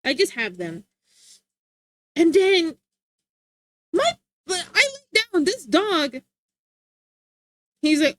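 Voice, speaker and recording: A young woman streamer in casual chat, slangy and animated with lots of filler words, talking into a desk mic. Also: sits high, takes it slowly, pauses often, no echo.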